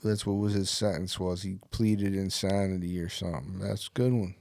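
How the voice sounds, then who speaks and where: A man's voice: low-pitched, fairly even intonation, moderate pace, vocal fry, a little mellow, no room sound, studio quality. A man co-hosting a podcast, telling a story in a rambling, crude way. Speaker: podcast co-host. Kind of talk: casual storytelling chat.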